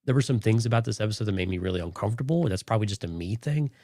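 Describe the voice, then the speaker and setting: A deep-voiced man co-hosts a podcast in casual chat. He talks fast and rambles with enthusiasm, stacking up "like" and "you know." The sound is dry and close. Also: warm tone, no echo. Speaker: podcast co-host.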